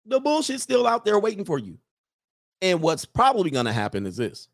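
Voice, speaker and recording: A man's voice: high-pitched, very animated, brisk, vocal fry. A man hosting a livestream show, giving a mocking, profane monologue full of repeated rhetorical questions.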